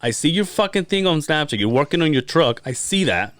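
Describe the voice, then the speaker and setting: Male podcast host, animated profane storyteller, expressive pitch, dry close sound. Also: a little fast, no echo. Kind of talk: casual storytelling chat.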